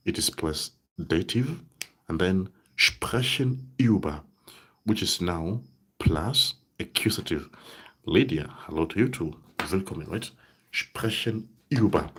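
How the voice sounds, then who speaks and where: A man teaching a live online German lesson, saying example sentences slowly and checking in with "right?" often. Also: sits low, fairly bright tone, breathy edge.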